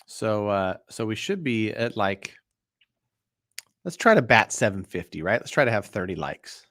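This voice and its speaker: A man's voice: on the low side, normal speed, dry recording. Tired, chatty man on a dry mic. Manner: relaxed, chatty, many fillers and restarts. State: tired, yawning. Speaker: mortgage broker hosting a live Q&A. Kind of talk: casual live-stream Q&A.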